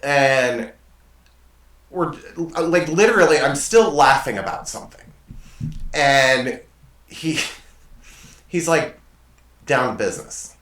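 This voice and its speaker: A man's voice: on the high side, takes it slowly, long pauses, fairly bright tone. Rambling man host in an echoey room. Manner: rambling, self-correcting, self-deprecating. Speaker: show host. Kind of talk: casual monologue storytelling. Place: desk in a home studio. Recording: echoey room, mic at a distance.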